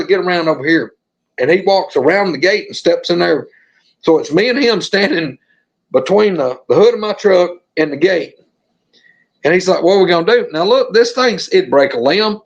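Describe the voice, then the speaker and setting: A man's voice: high-pitched, muffled recording. A middle-aged man from Alabama with a Southern accent, telling a story as a podcast guest and acting out the scenes. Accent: Southern American. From Alabama, USA. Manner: animated, acts out the scenes.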